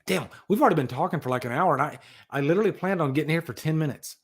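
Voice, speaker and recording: A man hosting a casual livestream, rambling and animated as he tells stories and reads out chat. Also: fairly high pitch, very fast, breathy edge. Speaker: livestream host.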